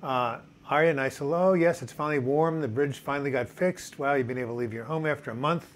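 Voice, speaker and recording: A man's voice: medium pitch, quick pace. A man hosting a casual weekly live chat from home. He reads viewers' names and comments aloud, with frequent fillers. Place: home in Portland, Oregon. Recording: faint background noise from outdoors. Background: faint music and outside noise.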